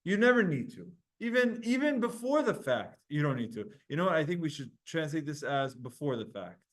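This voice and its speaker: Man, Talmud teacher, rather high voice, upbeat and brisk, video-call class. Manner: energetic, quick, asks the class questions.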